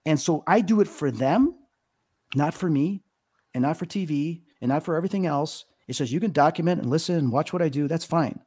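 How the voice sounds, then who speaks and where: A man's voice: on the high side, brisk, darkish tone, slightly rough. A man in his fifties, a guest on a podcast interview, telling stories in an earnest, emotional way with many fillers. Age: 50s. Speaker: psychic medium guest.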